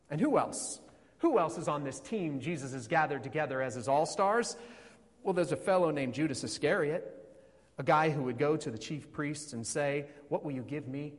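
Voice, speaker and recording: A man preaching a sermon as pastor in dramatic storytelling style, with sweeping emphasis and repeated phrases. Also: fairly high pitch. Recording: long hall reverb.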